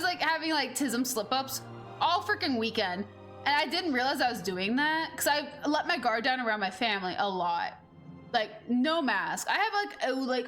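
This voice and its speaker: A woman's voice: fairly high pitch, fairly bright tone. A young woman streaming a game and telling a rambling story in casual chat, full of "like" fillers. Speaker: gaming streamer. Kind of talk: casual chat over gameplay.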